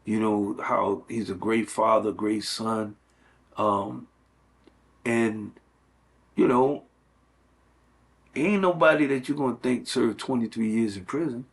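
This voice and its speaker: A man's voice: fairly low pitch, slow pace, pauses often. A middle-aged man talking earnestly in a casual conversation, with many fillers and restarts. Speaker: guest.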